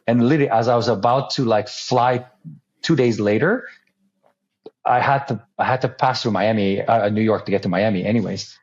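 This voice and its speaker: A man's voice: on the low side, moderate pace, dull audio. A man speaking as a podcast guest, animatedly telling a story and acting out other people's lines, often restarting and repeating words. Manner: animated storyteller who acts out quoted dialogue. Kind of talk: storytelling conversation.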